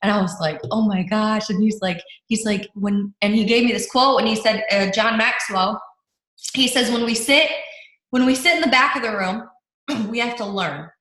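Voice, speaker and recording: A woman's voice: on the high side, moderate pace. Chatty young woman on a roomy video call. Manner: animated storytelling, many restarts and fillers. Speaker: team leader. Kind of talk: casual leadership talk on a video call. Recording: roomy echo.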